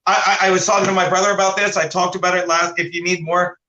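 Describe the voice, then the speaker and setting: A man's voice: sits high, quick pace, roomy sound, low-quality recording. A man co-hosting a casual comedy talk show, rambling through stories and jumping in with voices of people he describes. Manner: rambling, animated storytelling with impressions. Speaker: co-host.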